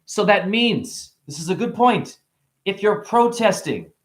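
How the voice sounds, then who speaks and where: A man with a high voice that leaps all over its range rants through a rambling spiritual monologue to camera. He preaches, jokes and swears casually. He keeps exclaiming as he talks. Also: a little slow. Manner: animated, preachy, joking, exclaiming. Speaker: spiritual vlogger.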